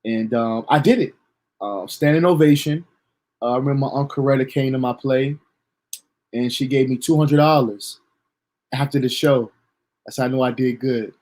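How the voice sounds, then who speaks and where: A young man telling a story from his own life in a casual, animated, profane way. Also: medium pitch, normal speed, long pauses. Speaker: storyteller streamer.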